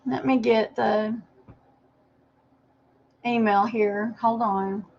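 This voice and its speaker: Woman, gravelly voice, rambling livestream chat, dull lo-fi sound. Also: on the high side, flat delivery, extremely slow, a little mellow, slight background noise. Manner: rambling, apologetic, talks to viewers by name. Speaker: livestream host.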